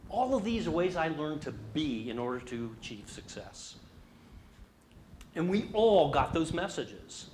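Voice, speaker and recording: A man's voice: on the high side, sing-song, a little slow, darkish tone, slight background noise. A middle-aged man presenting a leadership workshop, speaking with animation and asking the audience questions. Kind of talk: interactive leadership workshop talk.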